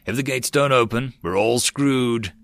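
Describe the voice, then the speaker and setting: A man voicing a male army lieutenant who explains orders in a brisk, apologetic tone, in an audiobook. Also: mid-range voice, a bit bright, no room sound.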